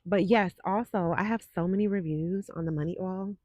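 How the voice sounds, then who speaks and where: A woman's voice: lowish voice, moderate pace, mellow, no room sound, dull audio. A woman in her forties hosting a psychic livestream, chatting sassily and talking straight to her viewers. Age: 40s. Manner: chatty, sassy, talks to viewers directly. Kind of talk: casual livestream chat. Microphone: desk microphone.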